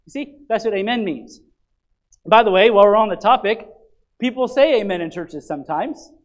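A man preaching a sermon in a church, talking in an animated, emphatic way with frequent restarts. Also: high-pitched, normal speed, poor audio. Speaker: pastor.

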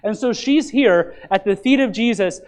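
A man's voice: high voice, moderate pace, clear, resonant tone, poor audio. A man preaching a sermon as pastor, explaining scripture and asking the listeners questions. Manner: animated preaching, asks the congregation questions.

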